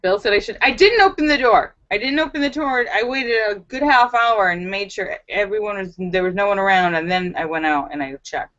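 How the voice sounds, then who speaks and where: A young woman hosting a casual live stream at home, telling stories in an animated, chatty way with many fillers, on a webcam mic. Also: mid-range voice, brisk, hardly any pauses, highs cut off.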